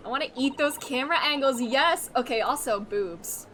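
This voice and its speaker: A young adult woman streaming a game, chatting excitably with giggles and loud outbursts. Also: sits high, moderate pace, hardly any pauses, very noisy. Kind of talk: live game commentary.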